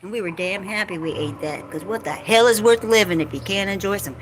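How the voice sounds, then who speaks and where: A woman's voice: mid-range voice, a little fast, a little hiss or hum. A woman with a Southern US accent chatting casually on a livestream, joking, folksy and a bit salty. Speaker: vlogger. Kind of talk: casual rambling livestream chat. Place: outdoors by a lake.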